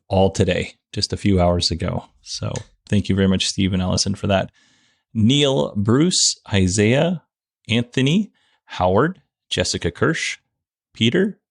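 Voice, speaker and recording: A man's voice: lowish voice, vocal fry, dry recording, clean studio sound. A man hosting a casual solo podcast, from the United States, giggling and fighting off laughter as he talks. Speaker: podcast host.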